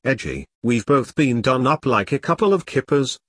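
A loyal old army friend talks bluntly and plainly, as a male narrator puts him on. The voice is husky, with lively rises and falls, and it sounds dry and close. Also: medium pitch, normal speed, no room sound.

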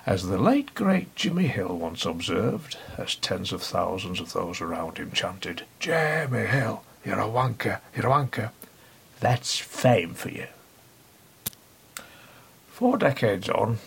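A man's voice: lowish voice, creaky, a bit bright, slightly rough. A middle-aged man hosting a podcast, reading a scripted satirical review in a dry, sardonic, mock-pompous manner. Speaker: podcast host.

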